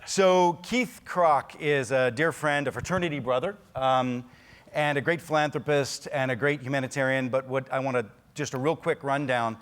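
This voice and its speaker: A man interviewing a guest on stage, talking haltingly with many fillers. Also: mid-range voice.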